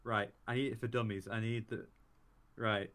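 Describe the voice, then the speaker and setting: A man's voice: lowish voice, fairly even intonation, moderate pace, a bit bright. A young man co-hosting a podcast, joking, swearing and laughing often in casual banter. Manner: laughs a lot, swears, jokey and rambling. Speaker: podcast co-host.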